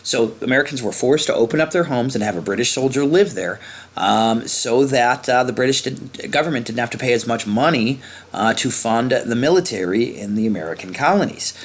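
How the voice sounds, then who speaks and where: A man's voice: medium pitch, fairly quick. A man teaching a history lesson in a conversational way, with frequent fillers while he points at a map. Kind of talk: informal lecture.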